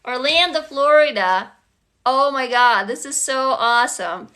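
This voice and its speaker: With a high-pitched voice and a slightly slow delivery, the Russian writing teacher streams casually from her phone. She's outspoken and energetic, peppering her talk with swearing and enthusiastic shout-outs to viewers.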